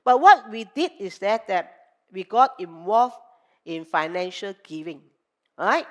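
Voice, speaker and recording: A woman's voice: medium pitch, animated, unhurried. A woman pastor with a Malaysian English accent preaching a sermon in a conversational way, often adding rhetorical tag questions.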